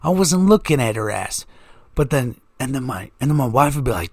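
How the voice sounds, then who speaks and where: A man's voice: medium pitch, very animated, moderate pace, creaky, no room sound. Rambling profane man. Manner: joking, profane, goes off on tangents. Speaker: podcast host. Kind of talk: rambling comedic monologue.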